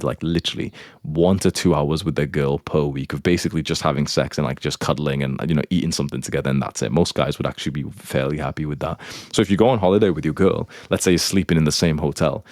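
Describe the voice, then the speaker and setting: Blunt, profane low-voiced man lecturing. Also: fast, dry recording, clean studio sound. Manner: lecturing, instructive. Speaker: dating advice host answering questions. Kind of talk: casual advice monologue.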